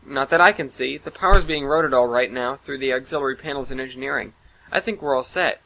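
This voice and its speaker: A man's voice: medium pitch, fairly quick, vocal fry, sharp tone, low-quality recording. A man voicing a formal female ship computer AI that issues clipped orders. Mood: calm. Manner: clipped announcements.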